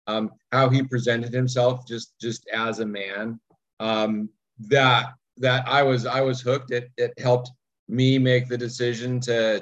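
A man's voice: mid-range voice, highs cut off. Earnest man hosting a podcast. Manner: earnest, thinks aloud with many ums. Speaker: podcast host. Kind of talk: podcast introduction.

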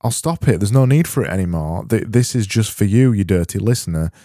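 A man hosting a solo comedy podcast, rambling in a deadpan, self-deprecating way with frequent restarts. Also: fairly low pitch, fairly quick, dry recording, studio quality. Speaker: podcast host.

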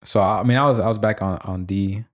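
Man, podcast co-host, low-pitched, relaxed storytelling, casual swearing. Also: quick pace. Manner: laid-back storyteller, swears, laughs often. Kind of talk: casual chat.

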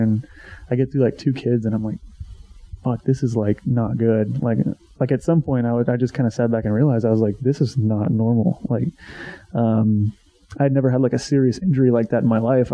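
A man in his twenties, a former college pitcher, casually telling a story, swearing freely and acting out what he once said. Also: mellow. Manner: swears freely, acts out his own past remarks. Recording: dull lo-fi sound.

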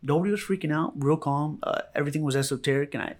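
Halting, low-key man recounting a rescue. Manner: halting, repeats himself, many fillers. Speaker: rescue medic. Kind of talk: first-hand account in an interview.

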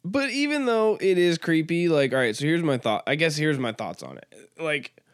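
A man's voice: a little high, very animated, normal speed, smooth, dry recording, clean studio sound. A man hosting a comedy podcast, talking casually in a rambling, crude, joking way with lots of fillers. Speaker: podcast host.

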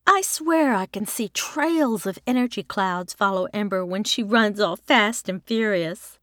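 A woman voicing a cheerful young mother who is skeptical and quickly flustered, in a bright, exclaiming way. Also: mid-range voice, dry recording, studio quality, lightly acted. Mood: amused.

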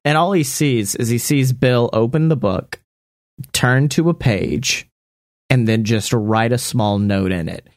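A man casually making up a story out loud, rambling, laughing and swearing often. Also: medium pitch, unhurried, no room sound, studio quality. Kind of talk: casual improvised story brainstorming.

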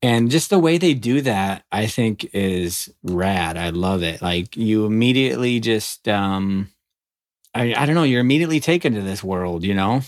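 A man's voice: on the low side, animated, normal speed, dry recording, studio quality. Laid-back man rambling about comics. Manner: rambling, lots of fillers. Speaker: podcast co-host. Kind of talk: casual chat.

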